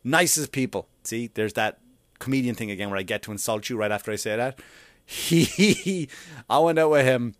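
A man's voice: medium pitch, lively intonation, normal speed, no room sound. A man doing a stand-up comedy routine, ranting in an exasperated, profane way.

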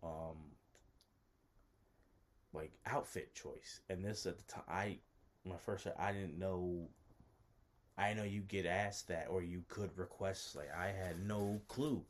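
A man with a deep, low voice tells a personal story casually. He circles back on himself and stumbles through restarts, leaning on "like" constantly. He sounds self-conscious as he goes. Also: steady tone, takes it slowly, long pauses. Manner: rambling, self-interrupting, lots of "like".

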